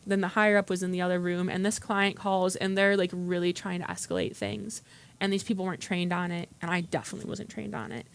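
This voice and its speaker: A woman's voice: fairly low pitch, little pitch movement, fast talker, creaky, a little hiss or hum. Woman, workshop participant, earnest storyteller, mid-range voice, plain room. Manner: earnest, recounts dialogue in quotes. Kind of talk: telling a personal story. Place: meeting room.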